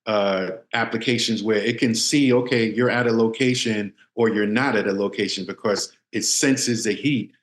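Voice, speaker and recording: A man who is a guest on a podcast gives measured advice, with the odd filler. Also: fairly low pitch, fairly even intonation. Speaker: podcast guest, security veteran. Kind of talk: casual interview chat. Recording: roomy echo.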